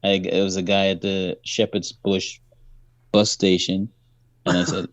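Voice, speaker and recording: A man's voice: low voice, little pitch movement, normal speed, dry recording. Laughing man on a dull line. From Trinidad. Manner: laughing, anecdotal storyteller. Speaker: guest actor. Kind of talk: casual chat.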